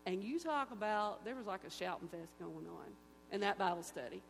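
A woman's voice: mid-range voice, brisk, vocal fry. A woman giving an emotional personal testimony at a church gathering, telling the story with animation and acting out the voices of the people in it. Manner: animated storyteller who acts out quoted voices. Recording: echoey hall with faint hum.

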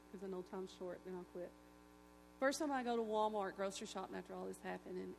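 A woman giving an emotional, folksy church testimony, telling stories with animated delivery. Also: mid-range voice, gravelly, background noise. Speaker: testimony speaker.

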